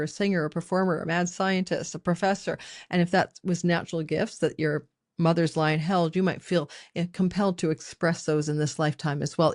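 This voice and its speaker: A woman's voice: sits low, a little mellow, no room sound, studio quality. A middle-aged woman giving a spoken astrology lesson, talking straight to her viewers with casual asides. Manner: conversational, addresses viewers directly with asides. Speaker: astrology teacher.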